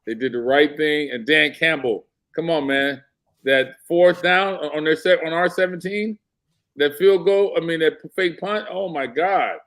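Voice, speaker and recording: Animated man telling game stories. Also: fairly high pitch, a little slow. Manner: animated storyteller, acts out quotes. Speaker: guest. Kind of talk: casual sports talk.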